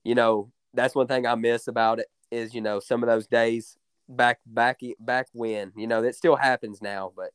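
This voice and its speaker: A young man, telling hunting stories as a guide in a drawling, excited way with many fillers. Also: medium pitch, normal speed, smooth, dry recording. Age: young adult. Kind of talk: casual storytelling.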